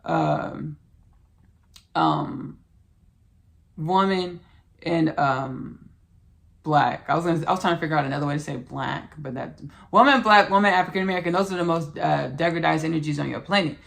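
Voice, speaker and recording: A woman's voice: deep voice, moderate pace, creaky, pauses often. A woman hosting a spiritual podcast, speaking in an earnest, repetitive, preachy way as she talks about channeling. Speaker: podcast host.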